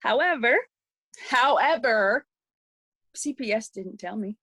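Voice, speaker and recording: A woman's voice: a little high, animated, takes it slowly, a bit bright, husky, no room sound. A middle-aged woman, a podcast guest, telling a personal story in a rambling way with many restarts.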